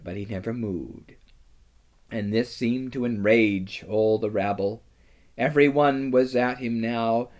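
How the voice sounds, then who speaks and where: A man reading a storybook aloud in a measured, dramatic way. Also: medium pitch, darkish tone. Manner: slow, measured, dramatic delivery. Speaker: narrator.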